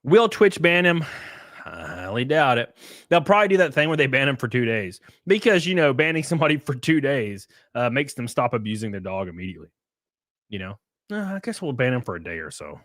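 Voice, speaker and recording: A man's voice: mid-range voice, a little fast, no room sound, clean studio sound. A man chatting casually on a live stream, rambling and joking as he reads chat and reacts to clips. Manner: rambling, joking, lively asides.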